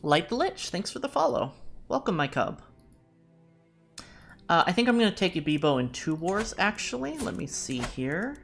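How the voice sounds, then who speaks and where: Low-voiced woman streaming a strategy game. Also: sing-song, moderate pace, gravelly, soft background music. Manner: chatty, thinks out loud while playing; self-deprecating, jokey asides. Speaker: VTuber streamer. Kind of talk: live game-stream commentary.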